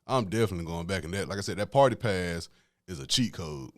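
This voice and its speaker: A man's voice: deep voice, expressive, fast talker, no echo, studio quality. A young man hosting a podcast, telling a story in casual, slangy talk and laughing often. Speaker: podcast host.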